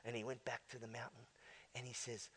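A male pastor preaching emphatically, swinging between hushed asides and loud exclamations. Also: medium pitch, completely flat delivery, a little fast, breathy edge. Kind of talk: sermon. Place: church. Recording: long church hall reverb.

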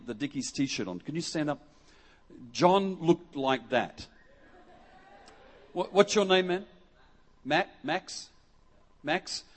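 A husky-voiced man from Western Australia preaches in a relaxed, joking way to a congregation in a church hall. His comes through as he chats with the crowd. He acts out the words of the people in his stories. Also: mid-range voice. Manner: jokey and conversational, acts out quotes. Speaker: guest preacher. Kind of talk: lively sermon with audience interaction.

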